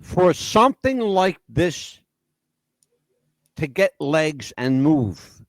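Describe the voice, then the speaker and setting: An animated male podcast host whose pitch swings up and down as he makes his points. He talks emphatically and swears freely, slightly higher-pitched than most men. The sound is dry and close. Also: very slow, no echo. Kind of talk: casual opinionated chat.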